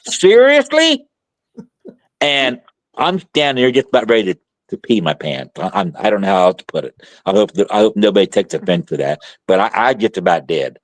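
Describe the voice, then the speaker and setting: A middle-aged man, a guest author, telling a story in casual conversation, animated and colloquial with frequent restarts. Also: deep voice, fairly quick, dry recording.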